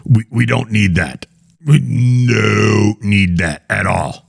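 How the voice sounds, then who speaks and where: A man's voice: fairly low pitch, takes it slowly, gravelly, slightly rough, dry recording, clean studio sound. A man hosting a comedy show, reacting to clips with rambling, dismissive jokes. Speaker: show host.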